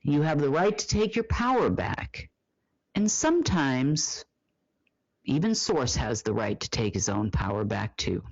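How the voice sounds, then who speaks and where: A host delivering a monologue report, asking rhetorical questions and answering them, with drawn-out emphasis and frequent fillers. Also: mid-range voice, sing-song, dry recording, muffled recording.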